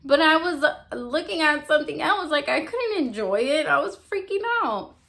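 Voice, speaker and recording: A woman's voice: high-pitched, animated, normal speed, gravelly, bright, forceful tone. A young woman telling a personal testimony in casual, rambling storytelling, filling her talk with "like". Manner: rambling, heavy use of "like" fillers. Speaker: testimony speaker.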